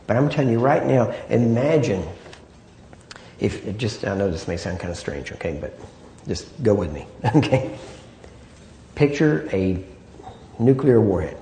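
Mellow-voiced man preaching in an echoey room. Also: fairly low pitch, big pitch swings, unhurried, long pauses, slight background noise. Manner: conversational, seeks agreement with "Amen?" and "right?". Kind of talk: sermon.

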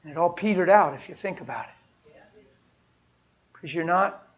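Emphatic preacher, slightly high voice. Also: male voice, normal speed, muffled recording. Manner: emphatic, swings from soft to loud. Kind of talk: sermon with personal stories.

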